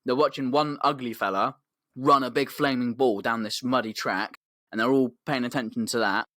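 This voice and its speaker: A man's voice: mid-range voice, steady tone, moderate pace, a bit bright, no echo, clean studio sound. A man telling a rambling comic story as a podcast host, laddish and slangy. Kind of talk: comedic storytelling.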